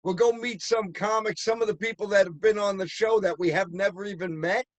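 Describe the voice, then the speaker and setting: A man's voice: high-pitched, steady tone, fairly quick, no room sound. A man with a New York accent from Long Island, co-hosting a comedy show from home and joking animatedly. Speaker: co-host. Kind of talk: casual chat on a comedy show. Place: home, remote.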